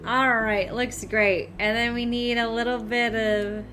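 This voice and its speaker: A young woman streaming a game live, excitable, laughing often and squealing as she reads the game's text aloud. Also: a little high, very slow, long pauses, slight background noise.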